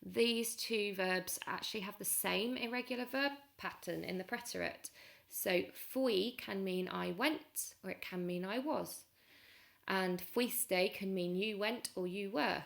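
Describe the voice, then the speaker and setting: A woman's voice: medium pitch, measured pace, gravelly, fairly bright tone. A woman, patiently explaining a grammar lesson step by step as a language teacher.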